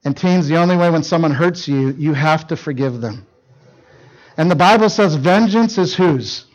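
A middle-aged man preaching to teens with a high, light voice. He tells personal stories with lots of energy, dropping to a near hush for serious points and then climbing into loud, excited bursts. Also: normal speed, lo-fi sound. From northern Minnesota. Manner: animated, shifts from hushed to loud shouting in stories. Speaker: youth speaker. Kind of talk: storytelling sermon.

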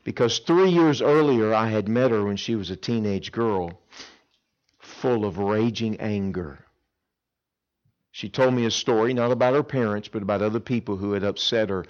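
Low-voiced male preacher, dull lo-fi sound. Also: normal speed. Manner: dramatic, shifts between loud emphasis and hushed quoted pleas. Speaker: camp preacher. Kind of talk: sermon with storytelling.

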